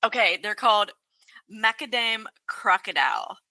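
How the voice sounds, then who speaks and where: A woman's voice: mid-range voice, animated, moderate pace, bright, forceful tone, no echo, poor audio. A woman co-hosting a podcast in casual chat, hesitant, restarting her words and giggling. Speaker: podcast co-host.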